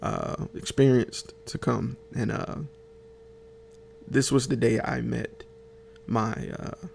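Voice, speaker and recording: A podcast host tells a comic story in a slow, gravelly, darkish medium-pitched voice, with slight background noise. He's chatty and rambling, speaking straight to his listeners with lots of fillers and restarts.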